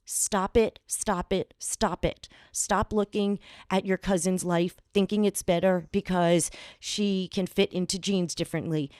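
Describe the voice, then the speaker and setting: A woman's voice: on the low side, a little mellow, clean tone, no echo, studio quality. A woman hosting a podcast, giving an earnest motivational monologue straight to her listeners and repeating phrases for emphasis. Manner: speaks straight to listeners, encouraging. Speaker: podcast host.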